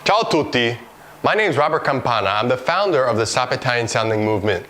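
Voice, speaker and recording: A man presents a scripted lesson at an even, mid pitch. His delivery is clear and deliberate, the way a teacher walks a viewer through a topic. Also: a little hiss or hum. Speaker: course presenter. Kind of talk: scripted educational explainer.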